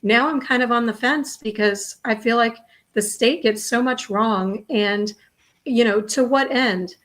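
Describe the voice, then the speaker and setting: A woman's voice: a little high, a bit bright. An earnest woman podcast guest. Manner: earnest and measured, with many "um" and "you know" fillers. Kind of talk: casual conversational interview.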